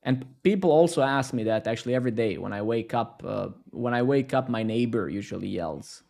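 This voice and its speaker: Brief: male live-coding streamer, casual and profane, sarcastic running commentary at a mid-range pitch. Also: animated, a little fast, creaky, hardly any pauses, darkish tone. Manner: rambling, sarcastic, profane, self-mocking.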